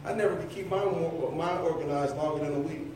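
A middle-aged man with a high, light voice delivers a loose, conversational sermon, teasing his listeners and calling on them by name. He sounds far from the mic in a very echoey church, with a faint hiss underneath. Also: brisk. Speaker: preacher. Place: church sanctuary.

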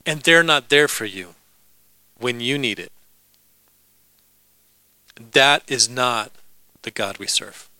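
A man's voice: medium pitch, animated, takes it slowly, pauses often, bright, forceful tone, clean tone, no room sound, rough recording. A man preaching a sermon in a conversational way, with jokes and asides to the congregation. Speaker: pastor.

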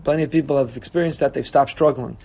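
A man's voice: medium pitch, quick pace, creaky, breathy edge. A man giving a sermon as a rabbi, preaching with animation and acting out quoted voices. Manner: animated preaching, voicing God and congregants.

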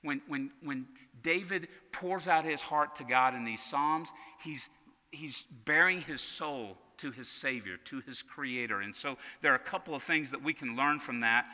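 A man's voice: mid-range voice, moderate pace, bright, forceful tone, in a large hall. A man preaching a sermon as pastor, talking conversationally and often repeating words as he restarts.

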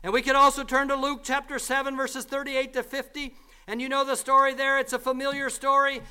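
Earnest high-voiced male preacher. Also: completely flat delivery, brisk, bright, forceful tone. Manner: earnest, emphatic, repeats key lines. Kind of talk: sermon.

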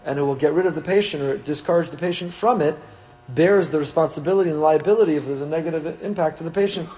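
A man's voice: fairly high pitch, quick pace, warm tone, rough recording. A man, a rabbi giving a Torah class to his congregation, mixing Hebrew terms into English.

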